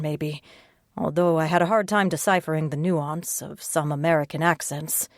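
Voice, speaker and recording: A woman's voice: deep voice, darkish tone, no echo, studio quality. A woman narrating a first-person audiobook with a terse, hard-boiled delivery.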